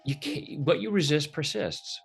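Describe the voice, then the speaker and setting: A man explaining a tapping technique in a relaxed, jokey way, slipping into quoted voices as he talks. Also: fairly high pitch, measured pace, gravelly, slightly rough, soft background music. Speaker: tapping practitioner, guest. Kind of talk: casual teaching over video call.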